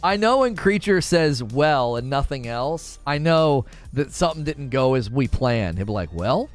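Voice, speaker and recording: A man's voice: mid-range voice, lively intonation, moderate pace, faint music behind. A man streaming, chatting casually with viewers in a rambling, laughing manner. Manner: rambling, self-interrupting, laughs often.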